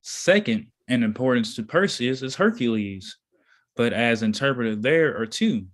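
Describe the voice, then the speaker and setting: A man reading a text aloud slowly and deliberately, pausing now and then to comment. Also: medium pitch, expressive. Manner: slow, deliberate reading with pauses. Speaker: reader in a study session.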